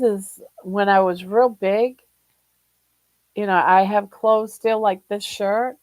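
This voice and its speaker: An older woman from Ohio hosting a casual livestream chat, short of breath, talking in a slow, relaxed way and greeting viewers by name. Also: medium pitch, dry recording, rough recording. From Ohio, USA. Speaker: livestream host.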